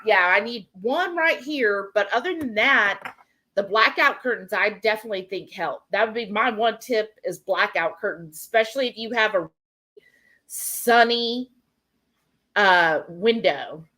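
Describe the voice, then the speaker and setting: A woman's voice: mid-range voice, a little slow, sharp tone. A woman hosting a casual live cooking stream from her home kitchen, chatting and reading viewer comments aloud. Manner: chatty, reads out and answers chat messages.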